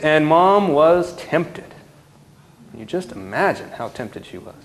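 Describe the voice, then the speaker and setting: Telling a story before a live audience, this parenting counselor swings between loud and hushed tones in an animated way. He speaks slowly in a voice that's a little high.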